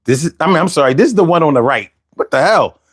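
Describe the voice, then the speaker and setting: A man's voice: a little high, expressive, fast talker, a bit bright, no echo. A man hosting a casual livestream, reading viewer comments aloud and bantering with them in slangy speech, close to the mic. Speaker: livestream host.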